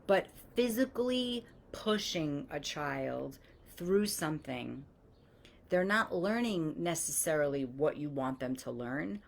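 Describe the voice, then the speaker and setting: Low-voiced, blunt woman telling a story. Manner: candid, blunt, swears freely; lively, animates quoted voices. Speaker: spiritual coach. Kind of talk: casual storytelling monologue.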